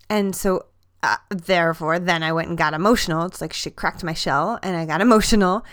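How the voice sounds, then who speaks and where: A woman's voice: lowish voice, fairly quick, a bit bright. A woman giving a personal motivational monologue on her own podcast. She talks in an earnest, emphatic way and leans on repeated words to drive her points home. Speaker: podcast host, fitness coach.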